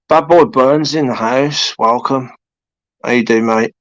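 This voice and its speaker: A British man in his forties chats casually with viewers on a live stream from home, his medium-pitched voice moving slowly through rambling talk full of fillers and restarts. The sound is lo-fi, close and dry, with no room sound at all.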